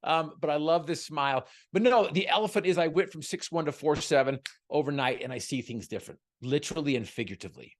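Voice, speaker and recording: A man's voice: fairly high pitch, fast, few pauses. A man giving a motivational talk as a guest speaker on a video call, joking and telling stories in an earnest, upbeat way.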